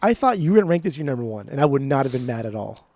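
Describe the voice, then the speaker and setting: A man co-hosting a podcast in casual chat, talking excitedly and swearing freely as he gushes about music. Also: mid-range voice, quick pace, dry recording. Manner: excitable, swears often, animated enthusiasm. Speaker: podcast co-host.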